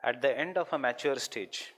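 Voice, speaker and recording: A man's voice: mid-range voice, fairly bright tone, long reverb tail, a little hiss or hum. Indian man dictating a geography lecture. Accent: Indian English. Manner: dictates slowly, repeating phrases and spelling terms.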